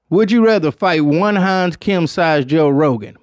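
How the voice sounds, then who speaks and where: A man's voice: a little high, animated, measured pace, hardly any pauses, noisy background. A man from Detroit hosting a podcast in casual chat, rambling and slangy and swearing often, with "man" at the end of many lines. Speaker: podcast host.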